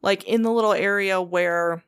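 A woman's voice: mid-range voice, steady tone, moderate pace, clean tone, dry recording. A woman hosting a podcast, retelling a story in a loose, casual way. She swears freely and acts out the lines of the people in it. The sound is dry and close, with no room around her. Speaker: podcast host.

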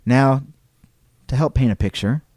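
A man's voice: mid-range voice, measured pace, darkish tone, no echo, clean studio sound. A man hosting a podcast, telling a history story in a casual, digressive way and reading quotes aloud. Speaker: podcast host.

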